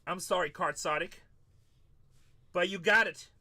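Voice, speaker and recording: On his live card break stream, a man calls out each pulled player and talks with his viewers between pulls, clearly hyped. His voice is high, very bright, and forceful, though his pace is a little slow.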